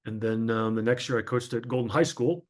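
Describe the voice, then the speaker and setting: With a medium-pitched voice moving a little fast, a former sportscaster in his fifties tells his life story as a guest in an interview. He's from northern New Jersey and rambles through anecdotes with frequent filler words.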